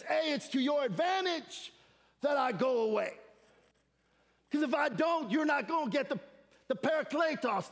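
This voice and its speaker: A man preaching an animated sermon as a guest speaker, with slangy asides and shouted emphasis. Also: very high voice, in a large hall. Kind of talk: energetic sermon. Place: church sanctuary.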